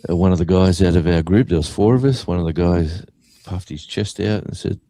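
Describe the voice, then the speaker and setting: An Australian guest musician tells a story in casual conversation, animatedly acting out what people said. His voice is low-pitched and his delivery brisk.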